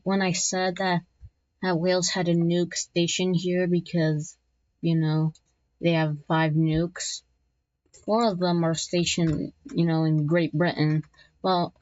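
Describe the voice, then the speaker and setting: Slow, rambling woman narrating a map. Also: fairly low pitch, darkish tone. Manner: rambling, many restarts, jokey asides. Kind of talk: casual commentary narration. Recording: dull lo-fi recording.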